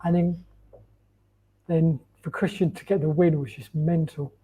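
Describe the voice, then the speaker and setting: A man's voice: on the high side, steady tone, unhurried, dark tone, breathy edge. A man co-hosting a casual live chat over a video call, enthusiastically recalling fights he covered. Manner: enthusiastic, anecdotal. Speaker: show co-host and fight reporter.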